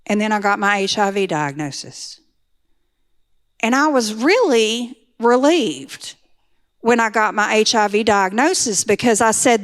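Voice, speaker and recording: With a fairly high, animated and slightly bright voice, a middle-aged woman tells her recovery story at an unhurried pace. The heartfelt testimony swells into pleading intensity.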